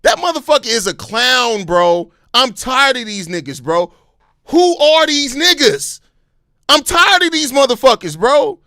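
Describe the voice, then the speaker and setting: A man with a very high, bright, forceful voice hosts a live sports podcast. He rants with passion and heavy profanity. The sound is close and dry. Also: unhurried, no echo. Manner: impassioned, heavily profane ranting; calmer, apologetic stretches between outbursts. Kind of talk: live-stream sports fan commentary.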